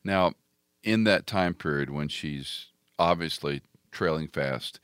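A man's voice: very deep voice, slow, a bit bright, smooth, no room sound, studio quality. A man hosting an interview, sympathetic, often finishing his guest's sentences.

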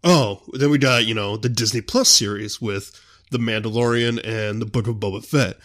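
A man's voice: fairly low pitch, normal speed, fairly bright tone. A young man hosting his own show, chatting casually and rambling a lot. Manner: rambling, full of "you know" fillers. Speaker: show host. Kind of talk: casual solo chat.

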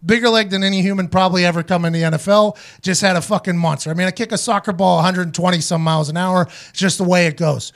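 The host of a laid-back podcast, a former punter, is a high-pitched, fast talker who rarely pauses. He swears heavily while telling animated stories and slips into quoted voices along the way.

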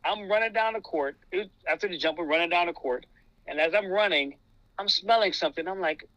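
A man basketball referee telling a funny game story in a lively way, stumbling over and repeating his words. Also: high voice, brisk, no room sound, low-quality recording. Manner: animated, repeats words and says "man" a lot. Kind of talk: casual storytelling.

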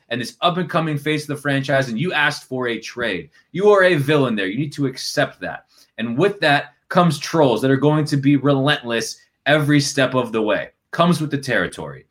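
A male sports reporter telling a story in casual podcast chat, acting out the quotes of others with a lively delivery. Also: medium pitch. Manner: animated, acts out quotes in shifting voices.

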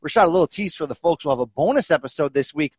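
A man's voice: a little high, lively intonation, very fast, husky, no room sound. Hyped, jokey podcast host man. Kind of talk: energetic podcast chat.

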